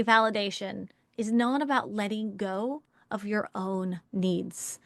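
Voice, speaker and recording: A woman teaching an online relationship communication workshop, animated, asking rhetorical questions and acting out example phrases. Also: on the high side, dry recording, studio quality. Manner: acts out example phrases in changed voices.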